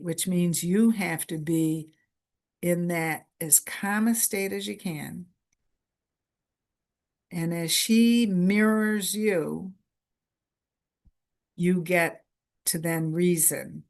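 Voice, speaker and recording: A woman with a low, darkish voice presents a workshop lecture at a conference, measured and unhurried. She emphasizes ideas by repeating key phrases as compact lists.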